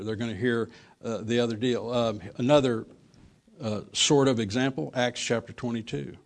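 A man preaches a sermon in a gravelly voice of middle pitch. He reads old-style scripture verses slowly and deliberately. Between readings he talks plainly, with fillers and restarts. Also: fairly even intonation.

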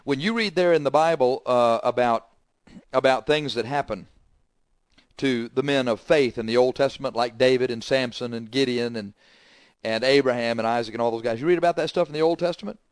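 A man's voice: medium pitch, a little fast, clean tone, no room sound, clean studio sound. Emphatic man preaching a fiery sermon. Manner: emphatic, confrontational rhetorical questions.

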